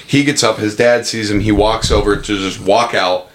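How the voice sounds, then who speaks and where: A man's voice: on the low side, fairly even intonation, moderate pace. A man co-hosting a podcast in casual chat, recapping scenes blow by blow with plenty of swearing. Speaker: podcast co-host. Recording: echoey room, faint noise.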